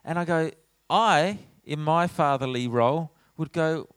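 A middle-aged man preaching a sermon in a church as pastor, animated, acting out his own lines when he tells stories. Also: a little high, a little slow, smooth, dry recording. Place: church hall.

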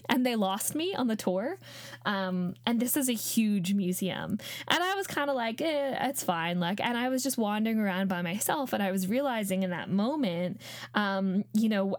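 A woman's voice: mid-range voice, no room sound, studio quality. A woman in her late twenties with a Canadian accent, telling a personal story as a podcast host in a heartfelt, chatty way full of fillers. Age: late 20s.

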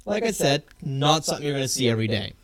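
A man co-hosting a podcast, recounting a news story in a casual, animated way and laughing often. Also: mid-range voice, fast, creaky. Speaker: podcast co-host.

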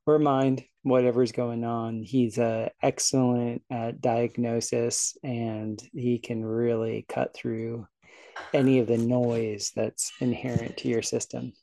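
A man's voice: mid-range voice, flat delivery, takes it slowly, vocal fry, dark tone, a little hiss or hum. A man from South Florida, a podcast host, rambling cheerfully through a casual outro and laughing at his own slips.

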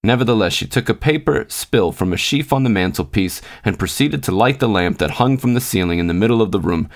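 A man narrates a classic short story for a podcast. His voice sits low, and his reading is steady and measured. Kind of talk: scripted narration.

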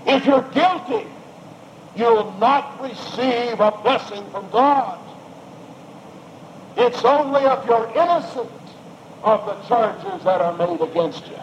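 A man's voice: extremely high pitch, animated, slow. A man preaching a sermon with emphatic, rising and falling delivery and repeated phrases. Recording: dull lo-fi recording with faint noise.

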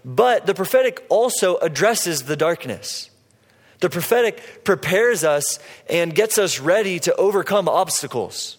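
A young man giving a sermon as a preacher, conversational and animated, with frequent fillers. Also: high voice. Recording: long hall reverb.

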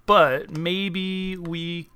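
A man's voice: sits high, steady tone, drawn-out words, sharp tone, smooth, pitched above the performer's own voice, exaggerated voice. A man voicing a sly bribing adventurer. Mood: wry. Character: sly male adventurer offering bribes.

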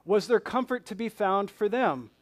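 A man's voice: sits high, expressive, moderate pace. A man, a pastor, preaching a sermon, reading scripture and asking questions with rising intensity.

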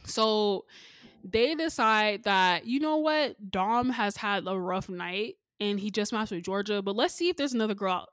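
A young woman talking through a dating show recap in a casual, conversational way. She jumps up in pitch to act out what people said. Her voice sounds close and dry. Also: unhurried, clear, resonant tone, no room sound. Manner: animated storytelling, acts out people's lines with pitch jumps. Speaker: podcast host recapping a show.

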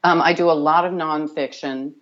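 A woman's voice: low-pitched, steady tone, moderate pace, fairly bright tone, muffled recording. A woman audiobook narrator with a scratchy, sardonic voice, chatting animatedly as an interview guest and often restarting her sentences. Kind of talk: casual interview chat.

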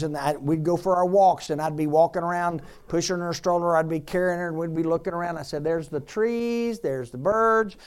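Lively-pitched preacher man. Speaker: pastor. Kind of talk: sermon.

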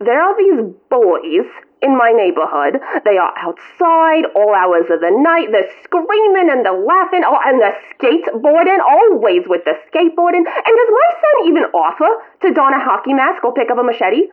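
A woman's voice: high voice, sing-song, normal speed, voice pushed up. A woman voicing a guilt-tripping elderly mother calling her son, melodramatic and self-pitying, over a tinny phone line.

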